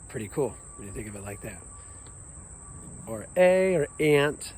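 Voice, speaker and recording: Upbeat man leading a vocal warm-up. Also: medium pitch, very animated, unhurried, pauses often, slight background noise, poor audio. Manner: upbeat, sings vowel sounds out loud. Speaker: music teacher. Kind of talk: children's vocal warm-up lesson. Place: outdoors at a nature center.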